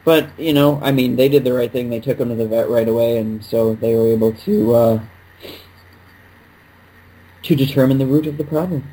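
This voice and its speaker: Husky-voiced man, jokey podcast chat. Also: mid-range voice, moderate pace, pauses often, mellow, rough recording. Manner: jokey, playful, rambling. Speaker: podcast co-host. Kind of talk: casual chat.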